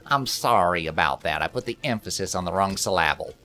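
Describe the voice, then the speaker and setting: Animated man chatting over gameplay. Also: low-pitched, fairly quick, soft background music. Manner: animated, laughs often, slips into playful voices. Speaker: let's play co-host. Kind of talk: casual gameplay chat.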